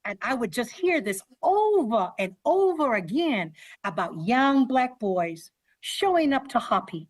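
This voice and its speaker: A woman author telling a story to students, speaking to them directly as an animated storyteller. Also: fairly high pitch, slow, dry recording, studio quality. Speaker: children's author visiting schools.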